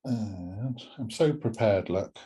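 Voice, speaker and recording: A man's voice: on the low side, animated, takes it slowly, warm tone, slight background noise. A man with a Southwest English accent co-hosting a casual chat, dry and understated as he shows his stitching. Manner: dry, understated, tired after a workday. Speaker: co-host.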